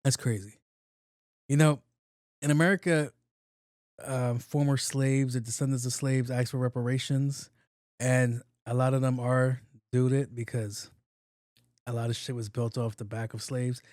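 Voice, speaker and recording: Podcast host, man in his late thirties, casual and profane, mid-pitched voice, dry close sound. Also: little pitch movement, a little slow, pauses often, darkish tone, no room sound. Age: 30s. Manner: loose, profane, repeats himself. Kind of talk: casual solo podcast commentary.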